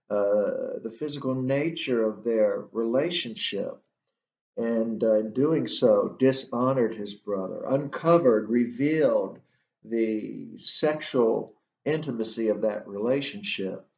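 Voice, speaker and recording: A man teaching a literature lesson, explaining slowly and deliberately with frequent filler sounds, in a roomy, muffled recording. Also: medium pitch. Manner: slow, deliberate explaining with many uhs. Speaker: literature instructor.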